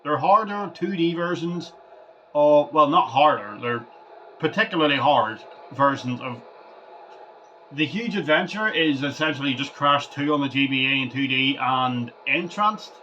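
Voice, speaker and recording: A man chats over his gameplay in a loose, rambling way, tripping over and repeating his words as he goes. His voice sits fairly high. The recording sounds dull and lo-fi, with a clear hiss of noise underneath. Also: expressive, measured pace, bright, forceful tone. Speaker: gaming vlogger.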